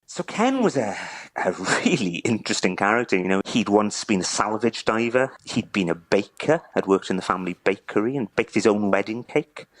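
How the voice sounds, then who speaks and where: A middle-aged man from Wales, interviewed, telling a touching story haltingly and repeating words as he chokes up. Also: lowish voice, lively intonation, dry recording. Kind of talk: emotional interview.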